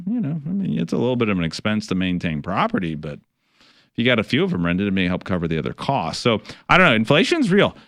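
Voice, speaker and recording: A man's voice: lowish voice, fairly bright tone, dry recording, studio quality. A middle-aged man, a financial advisor hosting a radio show, talking casually with many fillers, restarts and some wry sarcasm.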